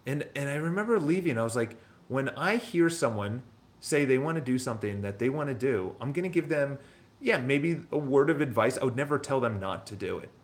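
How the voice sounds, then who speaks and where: A real estate broker and business owner telling his story in casual, rambling talk, blunt and quick to swear. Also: medium pitch, expressive.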